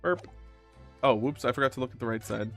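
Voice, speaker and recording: A man's voice: medium pitch, a little fast, creaky, a bit bright, soft background music. A man streaming a video game, reading its dialogue aloud and joking around, catching his own slips as he goes. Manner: jokey, reads lines aloud, self-correcting. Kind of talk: casual gaming commentary, reading dialogue aloud.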